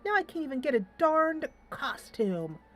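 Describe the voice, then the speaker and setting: A woman's voice: sits low, expressive, moderate pace, darkish tone, pitched below the performer's own voice, low-quality recording. A woman voicing a frustrated teenage girl student who rants about school. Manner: exasperated, ranting.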